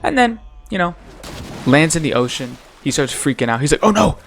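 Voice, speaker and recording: Man, ranting commentator, swears a lot, rises and falls a lot in pitch, exasperated. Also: sing-song, moderate pace, a bit bright. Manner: profane, exasperated, rhetorical. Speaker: TV show commentator.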